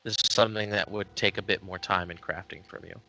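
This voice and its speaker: A man narrating a tabletop game as game master, slow and hesitant with many fillers. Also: low voice, fairly even intonation, vocal fry, sharp tone.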